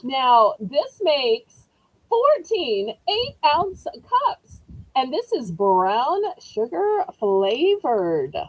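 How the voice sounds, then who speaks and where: A high-voiced woman with a Southern accent runs a live online auction, her pitch rising and falling a lot as she talks. She takes her time in a friendly, folksy way and speaks close to the mic with little room sound. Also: big pitch swings, drawn-out words, no room sound, rough recording. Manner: chatty, folksy, greets viewers by name. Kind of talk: live-stream auction selling.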